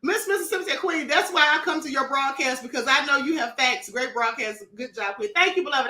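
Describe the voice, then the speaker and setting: A woman's voice: high voice, fairly quick, hardly any pauses, pushed and bright, echoey room. A woman hosting a live-stream commentary show, reading chat comments aloud in a sassy, defiant and emphatic way.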